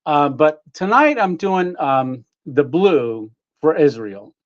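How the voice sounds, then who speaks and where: A man's voice: fairly high pitch, expressive, takes it slowly, lo-fi sound. A man hosting a casual home livestream, greeting viewers by name with lots of fillers and little laughs. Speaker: livestream host. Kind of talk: casual live-stream chat. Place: home room.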